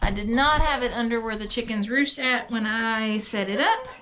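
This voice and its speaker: A woman's voice: a little high, expressive, normal speed, fairly bright tone. A woman, casually explaining goat care in a barn feed room in a chatty, rambling way. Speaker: goat farmer. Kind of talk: casual how-to farm vlog. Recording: farm noise with clucking chickens.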